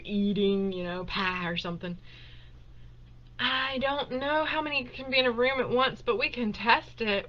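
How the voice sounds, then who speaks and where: Woman, bright voice, chatty and emotional, slightly muffled webcam audio. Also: medium pitch. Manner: chatty and emotional, laughs often, with many fillers. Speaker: host of a live Q&A stream. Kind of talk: casual livestream chat. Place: at home, indoors. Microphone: webcam on a desktop.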